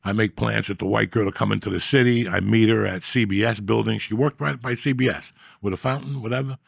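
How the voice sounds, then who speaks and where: Gravelly low-voiced guy rambling through a raunchy story, swears a lot, dry close sound. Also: fairly even intonation, fairly quick, no echo. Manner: crude, profane storytelling, acts out quoted people. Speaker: storyteller guest. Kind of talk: casual storytelling chat.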